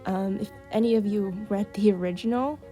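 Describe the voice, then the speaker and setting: A woman's voice: medium pitch, fairly quick, dark tone, soft background music. A young woman casually reading her old fan stories aloud and chatting about them, giggling and reacting as she goes.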